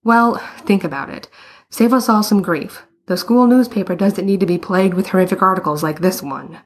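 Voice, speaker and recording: A woman's voice: mid-range voice, normal speed, breathy edge, lightly acted. A woman voicing a blunt, reasonable young man in a story, speaking in a matter-of-fact, probing way. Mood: pointed. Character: blunt, reasonable older brother Edward.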